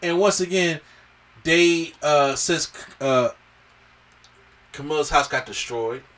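Animated man recapping a movie, bright voice. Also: on the high side, slow pace, distant mic. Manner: animated retelling, acts out the characters' lines. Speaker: podcast host. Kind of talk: casual movie review chat.

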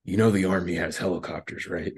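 A gruff, intimidating army sergeant major, as a man puts him on in a story. He speaks in clipped, flat questions, low and a little dark. It stays close to the storyteller's own voice. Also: fast. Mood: stern.

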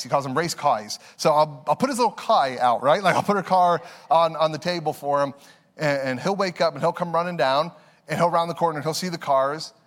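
Casual church sermon guy, fairly high voice, stumbles and repeats words, long echo in the hall. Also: a bit bright. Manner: conversational storytelling with laughs and repeated words. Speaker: pastor. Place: church sanctuary.

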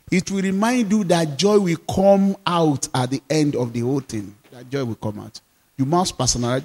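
A man, a pastor, preaching a sermon, repeating phrases and leading the congregation in call-and-response, moving between loud declarations and quiet asides. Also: on the high side, breathy edge, in a large hall.

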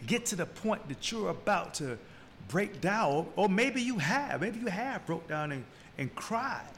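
A man hosting a podcast, giving a preachy motivational talk, repeating key lines and building from slow and low to loud and high. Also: sing-song, a little hiss or hum. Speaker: podcast host.

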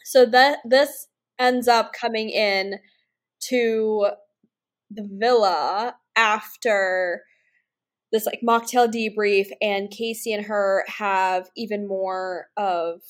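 A woman's voice: medium pitch, steady tone, slow. A woman co-hosting a podcast, recapping a reality show in casual chat and often answering with "right" and "mm-hmm". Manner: conversational, frequent agreeing "right", "mm-hmm". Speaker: podcast co-host.

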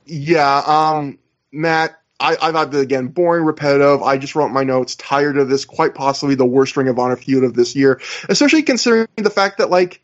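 A man hosting a podcast, chatting casually with many hedges and fillers. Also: on the high side. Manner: hedging, filler-heavy. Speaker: podcast host. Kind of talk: casual chat reviewing wrestling. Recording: dull lo-fi audio.

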